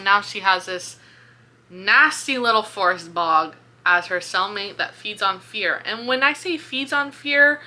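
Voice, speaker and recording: A woman casually retelling a book's plot in a video review, chatty and animated, swearing and filling with "like". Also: mid-range voice, measured pace. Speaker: book reviewer. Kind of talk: casual book-review vlog.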